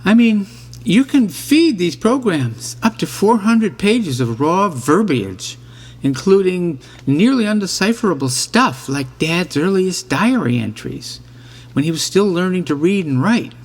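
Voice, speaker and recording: A man with a gravelly, fry-laden voice tells a comic story in a dry, mock-serious tone. His slightly high pitch rises and falls in lively swings, and a long hall reverb trails behind him. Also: unhurried. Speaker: narrator of a mock book trailer. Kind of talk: scripted comic monologue.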